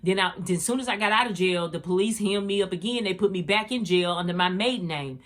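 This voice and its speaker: A woman's voice: medium pitch, fast. A middle-aged woman hosting a podcast, telling a personal faith story in a casual, slangy way and talking straight to her listeners. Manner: animated, slangy, addresses listeners as y'all. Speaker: podcast host.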